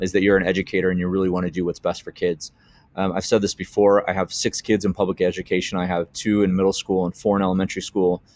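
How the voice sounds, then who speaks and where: A middle-aged man, an educator, walking through a software tutorial in an earnest, heartfelt way with many restarts. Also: low voice, no room sound. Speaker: educator running a tech tutorial channel. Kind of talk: screen-share software tutorial.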